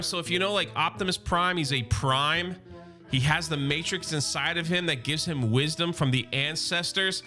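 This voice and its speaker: A man's voice: fairly high pitch, normal speed, sharp tone, soft background music. A man hosting a casual, enthusiastic comic recap, chatty and full of filler words. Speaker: YouTube host recapping a comic series.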